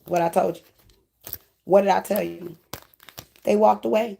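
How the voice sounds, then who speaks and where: A woman's voice: medium pitch, steady tone, a little slow, vocal fry, pauses often, dark tone. A woman giving an emotional, preachy spiritual tarot reading, close to tears. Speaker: tarot reader.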